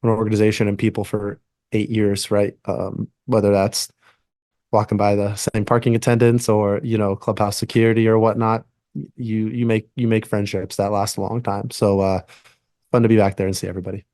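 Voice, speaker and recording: A man in his thirties, a pitcher answering reporters at a press conference, halting with many fillers and restarts. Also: little pitch movement, mellow, no echo, clean studio sound. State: tearing up. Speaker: baseball pitcher.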